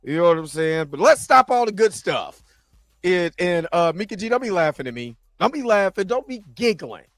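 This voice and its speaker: Excitable man hosting a live chat. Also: sits high, normal speed, dry recording, clean studio sound. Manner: excitable, laughs often, shouts when thrilled. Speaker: show host. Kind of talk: casual live-stream chat.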